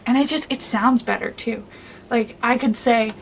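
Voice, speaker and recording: A woman's voice: on the high side, level tone, normal speed, slight background noise. A woman vlogging in a casual, rambling way, chatting and then reading poems aloud. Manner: chatty, rambling with many likes.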